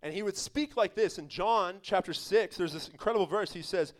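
A pastor with a notably high-pitched voice delivers a sermon at an evening service. His preaching is emphatic and conversational, mixing earnest points with laughing asides to the people in front of him. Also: fairly quick, hardly any pauses.

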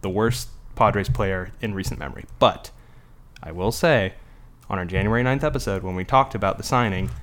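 A young adult man on a casual podcast, ranting with heat and dry sarcasm and swearing freely. His voice sits a little low. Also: moderate pace, fairly bright tone. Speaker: podcast co-host. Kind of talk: heated casual podcast rant.

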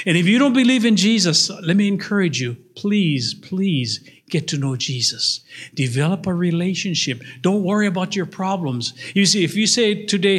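High-voiced older man preaching a lively sermon. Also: moderate pace. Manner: animated storytelling preacher, acts out voices in his stories. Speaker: pastor.

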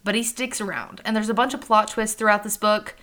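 A woman's voice: mid-range voice, steady tone, a little fast, pushed and bright. A young woman hosting a book podcast, chatting casually and animatedly, acting out characters' lines and swearing now and then. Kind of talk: casual chat.

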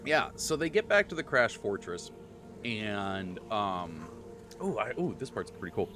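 A man hosting a casual podcast chat, excitably rambling as he recaps the tabletop campaign he runs as game master. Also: lowish voice, measured pace, over music.

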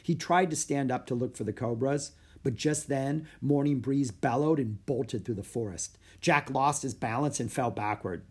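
Male storybook reader, middle pitch, measured delivery, leans into suspense. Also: a little mellow, slightly rough. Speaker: audiobook reader. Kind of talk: scripted narration.

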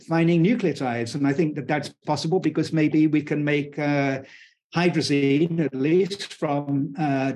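A man speaking as a guest scientist in an interview, talking fast and enthusiastically, blunt and digressive, with frequent restarts. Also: a little high, darkish tone. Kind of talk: conversational interview explanation.

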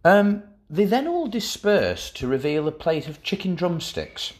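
A man's voice: on the high side, sing-song, a little slow. A man co-hosting a podcast, chatting casually in a teasing, sardonic way, swearing now and then. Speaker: podcast co-host. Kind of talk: casual chat.

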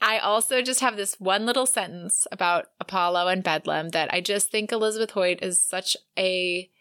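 A woman co-hosting a book podcast, chatting with enthusiastic, gushing warmth about the writing. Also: medium pitch, moderate pace, no echo, clean studio sound. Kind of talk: casual chat.

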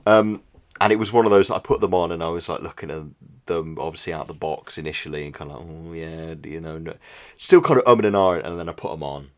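A man's voice: sits low, fast talker. A man co-hosting a podcast, laid-back and hesitant, with many ums. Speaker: podcast co-host. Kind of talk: casual chat.

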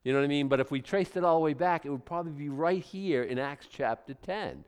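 A man preaching a conversational sermon to a congregation, with animated asides and frequent restarts. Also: a little high, fast, clear, resonant tone. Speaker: pastor. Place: church room with a congregation.

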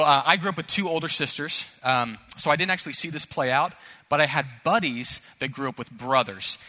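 Forceful, bright-voiced male preacher. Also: on the high side. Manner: emphatic, earnest preaching with storytelling asides. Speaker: pastor. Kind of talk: sermon. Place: church sanctuary. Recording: long hall reverb in a church.

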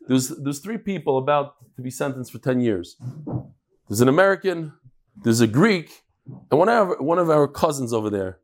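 A man teaching a live daily Talmud class, talking quickly and animatedly, with frequent restarts and Hebrew terms. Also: mid-range voice.

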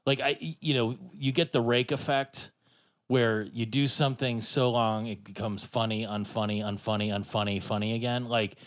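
A man's voice: medium pitch, steady tone, normal speed. A man hosting a podcast, steering the casual discussion in an upbeat, talkative way. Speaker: podcast host. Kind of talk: casual chat.

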